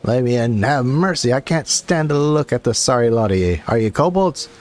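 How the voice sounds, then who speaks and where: A man voicing a brash, scornful woman warrior who taunts in a gruff, folksy way. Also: medium pitch, lively intonation, normal speed, a little mellow, faint music behind, lightly acted.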